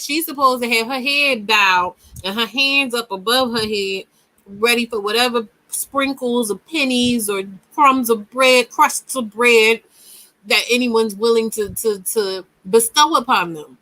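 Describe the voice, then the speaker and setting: Woman host reacting to a clip, kinda high voice, super bright and emphatic. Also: unhurried, low-quality recording. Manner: emphatic, repeats words when thinking. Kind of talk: casual commentary.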